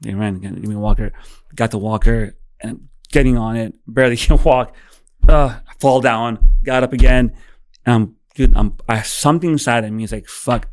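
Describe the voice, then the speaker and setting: A man's voice: mid-range voice, moderate pace, no echo, studio quality. Intense man telling a dramatic story. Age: 30s. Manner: animated, acts out dialogue, swears freely. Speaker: podcast guest. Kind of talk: emotional storytelling.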